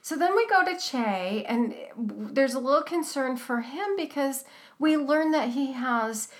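A woman's voice: high voice, lively intonation, measured pace. A woman co-hosting a podcast, chatting casually and recapping a TV cooking show, with many fillers and restarts. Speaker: podcast co-host.

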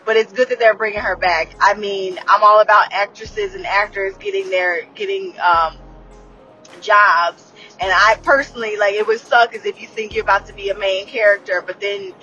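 A woman's voice: mid-range voice, steady tone, normal speed, bright, forceful tone, muffled recording, faint music behind. A woman in her late thirties recapping a TV episode in a casual, candid way, swearing freely, laughing often and restarting her sentences. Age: late 30s. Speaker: TV episode reviewer.

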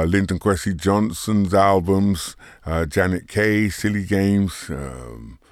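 Deep, slow older man from Barbados. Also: no room sound, clean studio sound. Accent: Barbadian, with London traces. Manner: easygoing, laughs often while talking. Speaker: guest musician. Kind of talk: relaxed interview chat.

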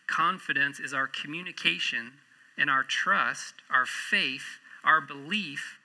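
A middle-aged man preaching a sermon in a church, telling jokes and stories with an animated delivery. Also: a little high, poor audio. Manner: jokey, animated storyteller. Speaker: pastor.

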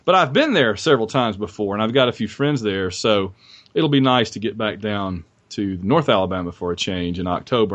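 A man's voice: on the low side, fairly bright tone. A man hosting a podcast and chatting casually about college football in a rambling, restarting way. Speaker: podcast host. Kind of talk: casual sports chat.

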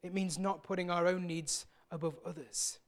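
A man, a pastor preaching a sermon in an earnest way, who slows and softens his voice for emphasis. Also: high-pitched, fairly even intonation. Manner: acts out quoted voices with sudden loud bursts.

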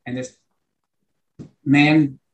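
A man's voice: fairly high pitch, level tone, very slow, low-quality recording. An older man with a New York accent, a retired teacher telling a long, earnest anecdote in conversation. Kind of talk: conversational storytelling.

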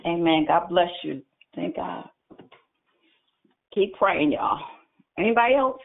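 A woman's voice: lowish voice, animated, gravelly. A woman hosting a morning prayer call, greeting each caller and blessing them in turn. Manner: warm, quick to bless callers. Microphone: phone. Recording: phone line.

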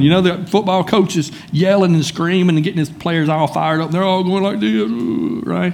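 A man's voice: a little high, animated, a little fast, few pauses, a little mellow. A man preaching a sermon in a church, speaking conversationally and calling on listeners by name. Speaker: pastor.

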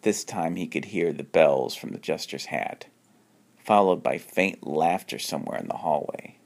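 A man reads a homemade spooky story in a deep, gravelly voice. He trips over words and restarts lines as he goes. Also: normal speed. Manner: unpolished reading with frequent restarts; jumps up in pitch for characters' lines. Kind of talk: reading a homemade horror story aloud.

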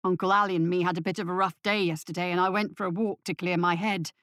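A remorseful father speaks in a lowered, earnest voice, as a woman puts him on. He pleads with his family in this audio story. The recording sounds close and dry. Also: steady tone, fast, fairly bright tone, no echo, lightly acted. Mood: pleading.

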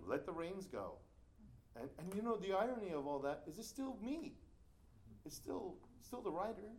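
A man tells a story in a lively, sweeping voice that leaps up and down as he recalls his past. He talks like a storyteller, restarting phrases and bouncing from point to point. A faint hiss of room noise sits behind him. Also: on the high side. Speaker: playwright and writing workshop teacher. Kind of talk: animated anecdotal storytelling.

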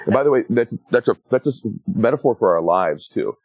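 A man in his forties, an author talking about his book in a casual interview, with an animated way of making points. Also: fast, breathy edge, no echo, dull audio. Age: 40s. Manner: animated storyteller, rises sharply in pitch to make a point. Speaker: author and guest.

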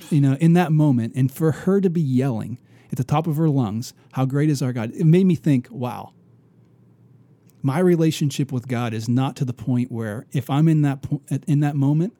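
A man with a warm, mellow voice tells a story on a casual faith podcast, speaking earnestly. He restarts his sentences often and lets some asides trail off quietly. The sound is dry and close. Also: mid-range voice, animated, moderate pace, no room sound. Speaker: podcast co-host.

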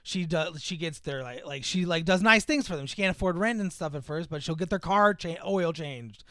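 A man's voice: a little high, normal speed, sharp tone, dry recording, clean studio sound. Rambling young man recapping a film. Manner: rambling, lots of "like" and profanity, acts out quotes. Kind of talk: casual chat, recapping a film.

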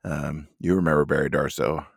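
A man's voice: extremely low pitch, fairly even intonation, fairly quick, vocal fry, husky, dry recording, studio quality. A man co-hosting a casual podcast chat, rambling and joking with lots of hedges. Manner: rambling, hedging, jokey. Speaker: podcast co-host.

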